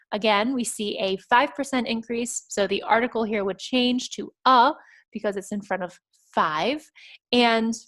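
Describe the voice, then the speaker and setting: A woman teaching English exam writing, explaining vocabulary clearly and patiently, step by step over slides. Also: mid-range voice.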